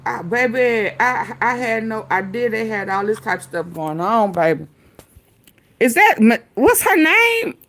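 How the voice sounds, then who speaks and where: A woman's voice: a little high, measured pace, fairly bright tone. A woman hosting casual commentary, rambling straight to her viewers and swearing as she hunts for clips to react to. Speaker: commentary channel host.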